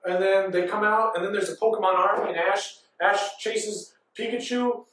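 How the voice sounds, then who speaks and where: A man's voice: high-pitched, fairly even intonation, moderate pace, a bit bright. A man in his thirties giving a rambling comic recap on a panel, breathless and run-on, chaining every beat with "and then". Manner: breathless, run-on storytelling with frequent ands and laughs. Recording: echoey hall from far off.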